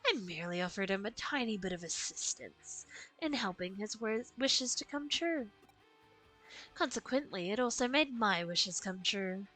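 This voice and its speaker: A scheming male villain, voiced by a woman streamer in a game, smug and politely condescending. His lines come out smooth and unhurried in a bright tone. Faint game music runs underneath. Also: medium pitch, lively intonation, rough recording. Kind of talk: reading game dialogue aloud.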